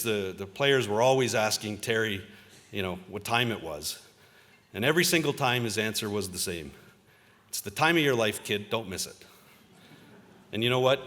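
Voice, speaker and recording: A man in his fifties giving a convocation address. He is a journalist telling personal stories in a relaxed, self-deprecating way, with plenty of "uh" fillers. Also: lowish voice. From Ontario, Canada. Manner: conversational storytelling, self-deprecating, with frequent uh fillers. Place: large convocation hall. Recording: reverberant hall.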